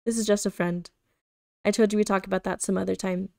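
Female reader giving a suave young gentleman, flat and gravelly. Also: medium pitch, fast, dry recording, studio quality, close to an everyday voice. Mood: reassuring. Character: charming young man, smooth and evasive.

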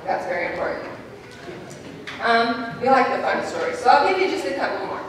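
Woman teacher, animated storyteller with a slightly high voice, speaking in a reverberant hall from a distance, faint room noise. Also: a little fast. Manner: animated storytelling, acting out children's lines. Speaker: preschool teacher. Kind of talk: speech at a school program. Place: large hall at an evening event.

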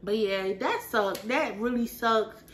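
A woman co-hosting a casual podcast, joking and telling animated stories. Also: a little high, slow, noisy background. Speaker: podcast co-host. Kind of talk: casual chat.

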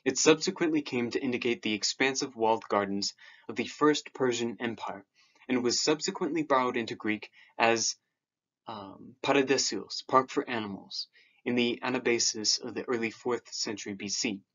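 Man, mid-pitched, halting self-taught lecturer; slightly muffled lo-fi recording. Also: fairly bright tone. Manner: hesitant, with fillers and repeated restarts. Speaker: video lecturer. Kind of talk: explanatory lecture on scripture.

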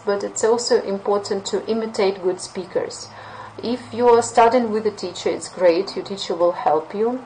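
A woman English teacher with a Russian accent running a webinar lesson, lively and playful as she acts out example phrases. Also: mid-range voice, slight background noise, low-quality recording.

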